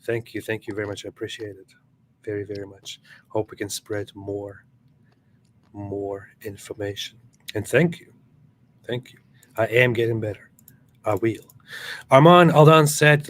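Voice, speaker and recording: A man's voice: fairly low pitch, normal speed, pauses often, slight background noise. A man co-hosting a livestream, commenting with scorn and reading out viewer messages, laughing at his own points. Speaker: livestream co-host.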